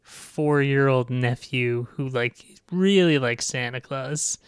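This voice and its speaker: A man's voice: mid-range voice, slow, smooth, no echo. A man co-hosting a podcast in casual chat, giving dry, wry short replies. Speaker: podcast co-host.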